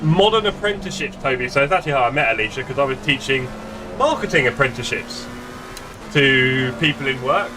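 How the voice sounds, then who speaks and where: A man's voice: medium pitch, expressive, a little fast, background noise. A middle-aged man live-streaming sim racing from home, chatting casually with his viewers in a rambling, self-mocking way. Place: home gaming room. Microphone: desk streaming mic.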